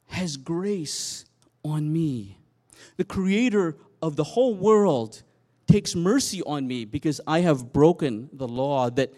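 A man preaching a sermon, telling a Bible story with animated storytelling and dramatic swings in loudness. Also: on the high side. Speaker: pastor.

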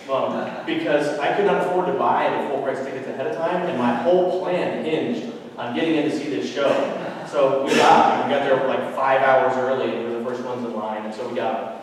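A man's voice: mid-range voice, a little hiss or hum. A man in his thirties preaching a sermon, telling a personal story in a conversational way with joking asides. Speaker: pastor. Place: large hall with audience. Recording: roomy echoey hall, mic far off.

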